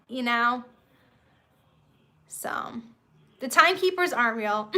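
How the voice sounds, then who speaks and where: Bright high-voiced woman chatting casually. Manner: rambling, with many fillers and restarts. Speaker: host of a live stream. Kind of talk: casual live-stream chat. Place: at home with pet kittens.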